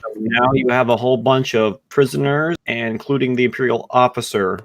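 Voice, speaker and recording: A man's voice: medium pitch, fairly even intonation, moderate pace, a little hiss or hum. A man running a tabletop game as game master, recapping in an easygoing, loose way. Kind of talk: casual game narration over voice chat.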